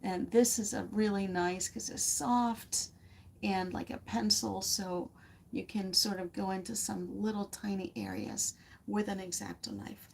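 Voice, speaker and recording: A woman's voice: medium pitch, fairly even intonation, measured pace, vocal fry, darkish tone, a little hiss or hum. A woman giving a casual, rambling craft lesson from a home studio, laughing often as she chats with viewers. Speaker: art teacher.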